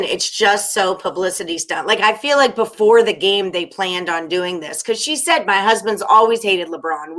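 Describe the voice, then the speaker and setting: A woman's voice: lowish voice, bright, forceful tone. A woman co-hosting a live podcast over a video call, frank and blunt, often laughing. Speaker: podcast co-host. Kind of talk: casual live podcast chat.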